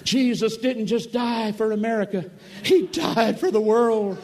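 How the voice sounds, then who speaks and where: A man preaching a camp meeting sermon, emphatic, swinging from loud cries to low murmurs, acting out quoted voices and calling for amens. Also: steady tone, measured pace. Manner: acts out quoted voices, asks the crowd for amens. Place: large church or camp meeting hall.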